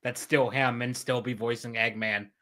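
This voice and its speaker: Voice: medium pitch, steady tone, normal speed, fairly bright tone. A podcast co-host in easygoing, joking casual chat. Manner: easygoing, joking, drops into impressions.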